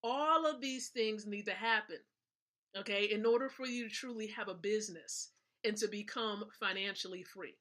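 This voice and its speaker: Hosting a live stream, this woman speaks at a moderate pace in a medium-pitched, somewhat bright voice. She gives an emphatic motivational talk on business, restating her points and checking in with listeners.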